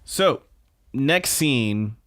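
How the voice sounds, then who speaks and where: A young man co-hosting a podcast, recapping an anime with excitement, frequent laughter, swearing and filler words. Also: mid-range voice, very slow. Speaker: podcast co-host.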